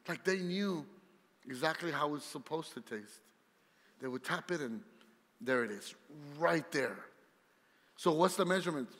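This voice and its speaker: A male pastor preaching a sermon in a lively, conversational way, talking straight to the congregation. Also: high-pitched, long reverb tail.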